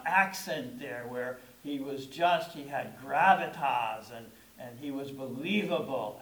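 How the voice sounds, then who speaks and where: High-voiced middle-aged pastor in an echoey church. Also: male voice. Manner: conversational, storytelling preaching with emphatic stresses. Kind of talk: sermon. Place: church sanctuary. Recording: echoey room.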